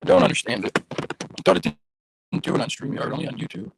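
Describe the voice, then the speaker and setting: A man with a raspy voice hosting a casual livestream, chatting loosely and directly to his viewers over a phone. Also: fairly quick, a little hiss or hum, rough recording. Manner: rambling, chatty, talks straight to viewers. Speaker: livestream host.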